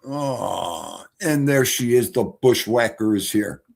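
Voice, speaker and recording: Middle-aged man, livestream storytelling, husky, very lively pitch. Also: slow pace. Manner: animated, swings from loud exclamations to quiet mutters. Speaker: streamer.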